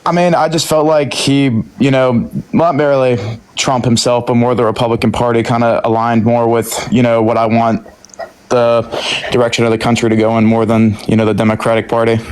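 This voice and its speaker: A man's voice: medium pitch, level tone, brisk, darkish tone, smooth. Hesitant young man with a Southern accent. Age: 20s. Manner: hesitant, many fillers. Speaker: livestream guest.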